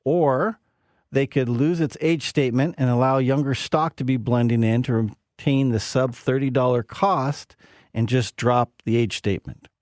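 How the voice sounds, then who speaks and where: A man's voice: medium pitch, steady tone, normal speed, darkish tone, dry recording, clean studio sound. A man co-hosting a radio show, telling stories in a playful, chatty way. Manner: storytelling, playful. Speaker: whiskey segment co-host. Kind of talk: casual radio chat.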